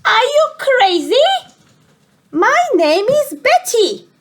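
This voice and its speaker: A woman voicing a cross female mountain monster in a read-aloud storybook, indignant and loud. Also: very high voice, big pitch swings, slow pace, pitched above the performer's own voice, heavily acted.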